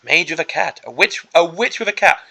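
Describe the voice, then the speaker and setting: A man with a gravelly, crackly edge to his voice that sits a little high for a man. He has a bright, sharp tone. He rants through a preview in an exasperated, sarcastic way. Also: animated, brisk. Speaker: miniatures hobby channel host. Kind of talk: ranting preview commentary.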